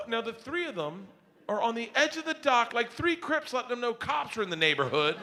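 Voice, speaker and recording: A man telling a crude, animated stand-up story on stage before a live audience. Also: very high-pitched, fairly quick. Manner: loud, animated, crude punchlines. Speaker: stand-up comedian.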